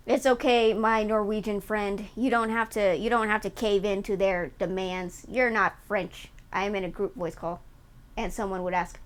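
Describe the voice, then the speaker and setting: A woman's voice: mid-range voice, moderate pace. A woman streamer chatting casually and teasing her viewers while reacting to a video, laughing often. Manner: playful, giggly, teasing.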